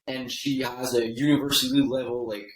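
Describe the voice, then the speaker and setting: A Canadian man appears as a podcast guest and tells his story in a loose, rambling way, often adding "right?" after a point. He works as an email copywriter. His middling voice barely moves in pitch, his speed is normal, and the echoey room carries slight background noise.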